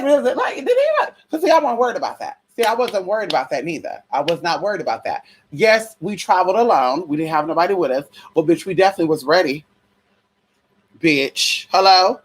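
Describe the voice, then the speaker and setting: A vlogger telling a story in a casual, profane, chatty way, calling viewers y'all, girl and honey. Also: medium pitch.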